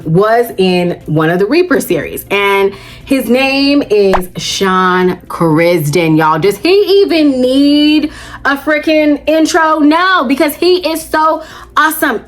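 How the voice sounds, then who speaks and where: A woman vlogging about audiobooks in a casual chat, gushing and chatty, calling her viewers "child" and "baby". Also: a little high.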